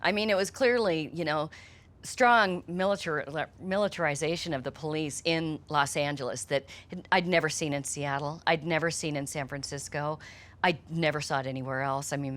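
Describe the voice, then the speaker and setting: A woman interviewed for a documentary, recalling events in a matter-of-fact, measured way. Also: low voice, fairly bright tone. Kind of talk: interview recollection.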